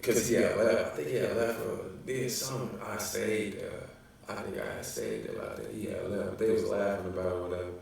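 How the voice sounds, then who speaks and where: Young Chicago man, deep and gravelly, rambling slangy storyteller, recorded far from the mic in a very echoey room. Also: expressive, brisk, darkish tone, a little hiss or hum. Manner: loose, rambling, slangy, with many fillers. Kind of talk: casual storytelling.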